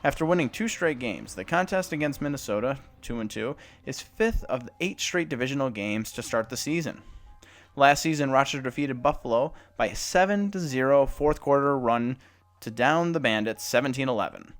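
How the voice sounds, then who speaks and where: A man's voice: medium pitch, animated, normal speed. A young man hosting a sports report, telling an awkward story in a rambling, self-conscious way with many restarts, then reading the news.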